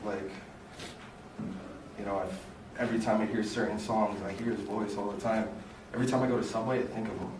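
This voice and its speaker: A young man giving an informal memorial speech as a fraternity brother, halting and full of fillers like "like" and "you know". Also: lowish voice, fairly even intonation. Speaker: eulogy speaker, fraternity brother. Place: large echoey hall at a memorial. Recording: echoey hall, distant voice, room noise.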